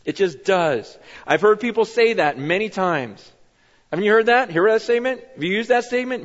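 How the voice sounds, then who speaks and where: A pastor delivers an animated sermon in a fairly high voice, talking a little fast and acting out the Bible figures in his stories by taking on their voices. The audio is muffled and carries the long echo of a big hall.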